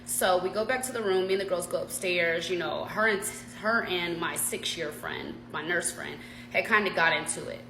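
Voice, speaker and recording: A woman vlogger telling a story in a chatty, slangy, animated way. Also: lowish voice, moderate pace, roomy sound, noisy background. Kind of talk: casual storytime.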